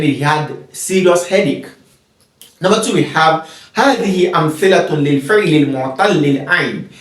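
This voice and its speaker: A man teaching an Arabic grammar lesson, reading example words, translating them, repeating them and checking whether his listeners understand. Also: on the high side. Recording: roomy echo, mic at a distance.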